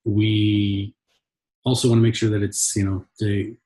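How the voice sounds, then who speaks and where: A man from Canada, an agency owner, talking as a guest in a relaxed, halting way with many pauses and restarts. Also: on the low side. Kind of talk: casual interview chat.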